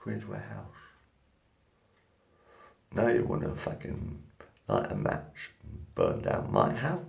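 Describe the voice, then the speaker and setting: A man in his fifties ranting angrily and swearing heavily in his own flat. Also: on the low side, slow pace, creaky. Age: 50s. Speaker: vlogger. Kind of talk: angry personal rant to camera. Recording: echoey room.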